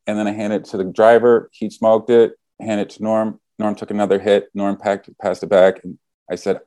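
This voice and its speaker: A man who is a stand-up comedian, telling a story in casual chat in an animated way and swearing freely. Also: lowish voice, moderate pace, dry recording.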